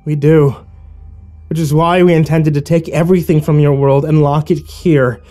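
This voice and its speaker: A man's voice: a little high, fairly even intonation, normal speed, warm tone, soft background music, voice pushed up, close to an everyday voice. A man voicing a corrupted fake female cartoon mouse in a storybook horror reading, speaking coldly and threateningly. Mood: menacing.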